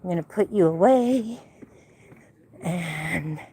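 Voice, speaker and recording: Walking outdoors at sunset, an older woman chats ramblingly with her live-stream audience through a phone in her hand, a crowd audible behind her. Her voice sits on the low side, expressive and slow.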